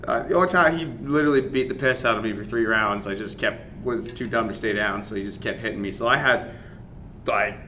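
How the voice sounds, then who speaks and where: A man's voice: fairly low pitch, fairly quick, a little hiss or hum. A man in a podcast interview, an MMA fighter casually telling a story, swearing and acting out the other people's lines. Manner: animated, swears, acts out dialogue, laughs while telling.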